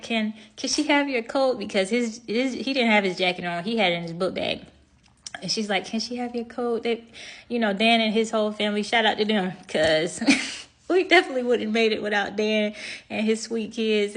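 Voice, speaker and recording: A young woman vlogger telling a story in a chatty, expressive way, speaking straight to her viewers. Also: mid-range voice. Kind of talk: casual storytime.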